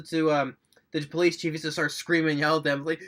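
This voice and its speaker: A man's voice: on the high side, fast talker, fairly bright tone. A man giving a casual, rambling movie review, recapping scenes with enthusiasm and little chuckles.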